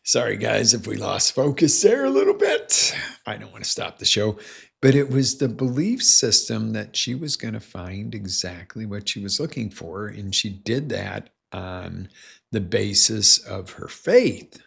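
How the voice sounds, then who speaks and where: Middle-aged guy, low gravelly husky voice, chatty coach telling a story on his live show. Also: sing-song, measured pace. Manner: storytelling, acts out both sides of a conversation. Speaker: motivational coach. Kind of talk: casual live-show monologue. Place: small home studio.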